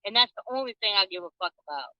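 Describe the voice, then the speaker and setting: A woman's voice: mid-range voice, lively intonation, rapid-fire, bright, forceful tone, no room sound. A woman and mother talking defensively and swearing a lot, over dull lo-fi call audio. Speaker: mother of a missing girl.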